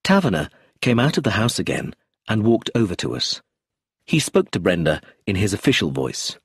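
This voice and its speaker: A man's voice: fairly low pitch, wildly swooping pitch, normal speed, slightly rough, no room sound, studio quality. A man narrating an audiobook in the first person, telling the story expressively.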